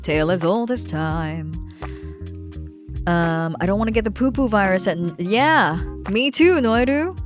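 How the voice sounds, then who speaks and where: A woman streamer chatting casually while drawing, reading some text aloud and then riffing on it with playful jokes. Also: fairly low pitch. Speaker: streamer and artist. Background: background music.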